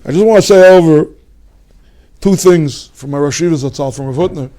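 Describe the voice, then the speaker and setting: A man's voice: fairly high pitch, fairly quick, dark tone. A man, teaching a Torah lecture as a rabbi, emphatic and full of rhetorical questions.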